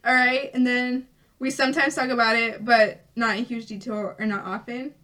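A woman's voice: a little high, level tone, normal speed, pushed and bright. A young woman chatting casually on a vlog, reading out quiz questions in a playful, giggly way. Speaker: vlogger. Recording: from a distance from the mic.

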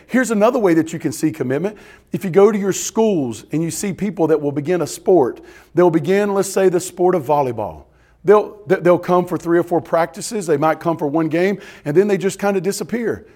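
A man's voice: sits high, brisk, darkish tone. A man pastor preaching a sermon, emphatic and repetitive, often asking the congregation questions.

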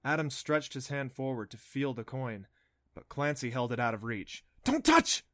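A man narrates a children's adventure book in a steady storytelling voice, with a middle pitch. The recording is dry and close, with no room sound. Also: moderate pace, no room sound. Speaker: audiobook narrator. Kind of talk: scripted narration.

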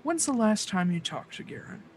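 A game master voicing a calm male investigator who asks measured, probing questions. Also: medium pitch, a little hiss or hum, close to an everyday voice, poor audio.

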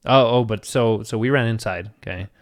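A man's voice: on the low side, normal speed. A man in his thirties co-hosting a podcast, telling rambling stories in casual chat and laughing often. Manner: rambling, laughs often, animated when quoting others. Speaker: podcast co-host.

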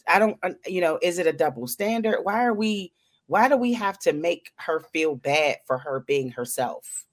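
A woman co-hosting a casual chat show, joking in a laid-back, drawn-out way. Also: fairly low pitch, animated. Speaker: co-host.

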